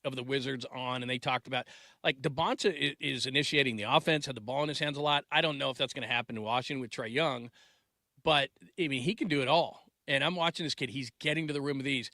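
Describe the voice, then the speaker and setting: A man in his forties hosts a sports talk show, speaking in a mid-range voice at a fast clip, recorded with studio quality and no room sound. He rambles casually, restarting sentences and trailing off mid-thought. When he tells family stories, he gets loud and laughs.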